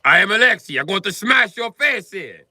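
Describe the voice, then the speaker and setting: Man putting on a gruff Russian junkyard guy. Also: high-pitched, sing-song, a little fast, sharp tone, no echo, pitched above the performer's own voice, full character voice. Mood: menacing. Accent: put-on Russian. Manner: gruff, clipped, broken phrasing.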